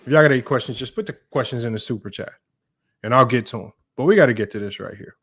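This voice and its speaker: A man's voice: mid-range voice, fast talker, a bit bright, slightly rough. A man hosting a sports debate live stream, ranting in an exasperated, heated way to his viewers.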